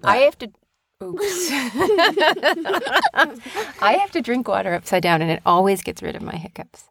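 A woman's voice: medium pitch, very animated, brisk, creaky, dry recording. A woman casually chatting with her child as host of a small family show, talkative and teasing. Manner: chatty, talks a lot, teasing. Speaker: podcast host and parent.

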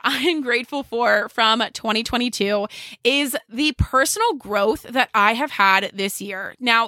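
A woman's voice: a little high, sharp tone, dry recording, clean studio sound. A young adult woman hosting a solo podcast, talking in an upbeat, chatty way with lots of "like" fillers. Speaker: podcast host.

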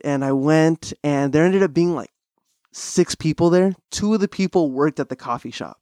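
On his podcast, a young male host tells animated stories in casual chat, often using fillers and starting over. His voice leans high at a normal speed, and the recording is dry and studio quality.

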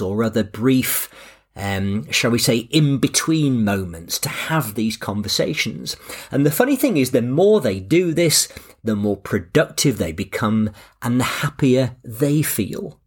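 A man hosting a podcast. He speaks in a relaxed, anecdotal and self-deprecating way. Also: medium pitch, takes it slowly, slightly rough. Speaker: podcast host. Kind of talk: scripted podcast narration.

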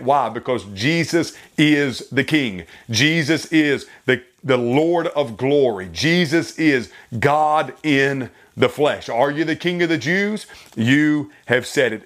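A man's voice: medium pitch, fairly bright tone. A man preaching a sermon in an earnest style, building to emphatic rising runs of phrases. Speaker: pastor.

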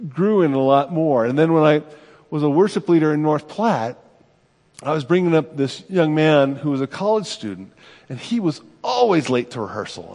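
A man's voice: a little high, creaky, a little mellow, big-room sound. A middle-aged man, a pastor, preaching a sermon in a conversational, self-deprecating way, often checking in with "right?".

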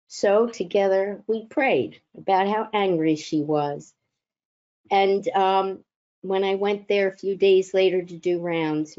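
A woman who works as a chaplain, telling personal stories in a gentle, reflective way with thoughtful pauses. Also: lowish voice, lo-fi sound. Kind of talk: personal storytelling talk.

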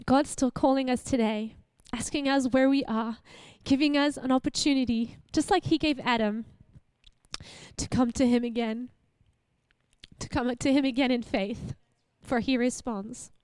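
An Australian woman in her young adult years gives a church sermon in a high, clear voice. She speaks warmly and conversationally, asking the congregation questions. The sound is close and dry. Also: measured pace, no echo. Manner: warm, animated, laughs often, asks the audience questions. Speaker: preacher.

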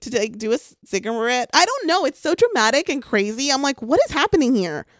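A woman recapping a reality show in casual chat, excited and gossipy, swearing often and filling with "like". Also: high voice, a little fast, no room sound, studio quality.

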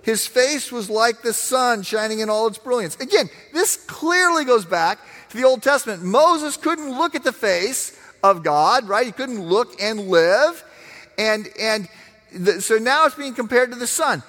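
A man preaching a sermon, teaching in an animated, emphatic way with frequent restarts. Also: sits high, slow pace. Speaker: pastor. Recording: long hall reverb.

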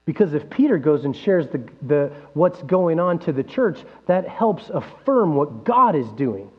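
A man preaching a sermon as pastor, animated, asking rhetorical questions and acting out quoted voices. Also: a little high, a little slow, husky, faint music behind. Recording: dull lo-fi sound with long hall reverb and mains hum.

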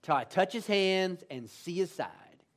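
A preacher doing a scoffing doubtful disciple. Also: male voice, high voice, animated, measured pace, a bit bright. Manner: scoffing, incredulous.

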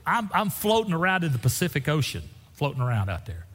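A pastor preaching a sermon, telling folksy stories with big swings in his voice. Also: fairly quick. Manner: folksy storytelling with lively swings in pitch. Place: church sanctuary. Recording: echoey hall with long reverb.

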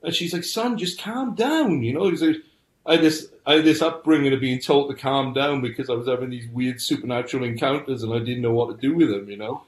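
Middle-aged man, earnest storyteller, mid-pitched voice, roomy echo. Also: fast. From United Kingdom. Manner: earnest storytelling, frequent restarts. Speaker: podcast guest. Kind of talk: personal testimony.

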